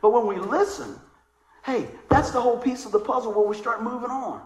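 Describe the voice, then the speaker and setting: A man's voice: very high voice, fairly quick, reverberant, low-quality recording. A male pastor preaching a sermon in a conversational way, calling out to his congregation. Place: church sanctuary.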